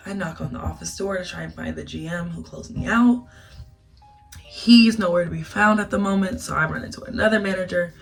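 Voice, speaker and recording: A young woman telling a casual storytime vlog, animated and emotional, laughing through tears. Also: lowish voice, moderate pace, vocal fry. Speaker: vlogger. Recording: distant mic with music behind.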